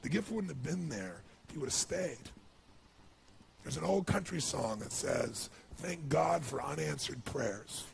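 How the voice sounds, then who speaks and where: Gravelly man telling an emotional story. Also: on the high side, expressive, unhurried, a little hiss or hum. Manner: earnest, storytelling, frequent "you know". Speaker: motivational speaker.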